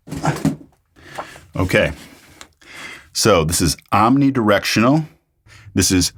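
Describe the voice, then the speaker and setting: A man's voice: low voice, creaky. A man hosting a casual microphone review in his home studio, repeating test phrases as he checks his levels. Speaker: YouTube host reviewing microphones. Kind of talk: casual gear review with mic tests. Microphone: studio condenser microphone.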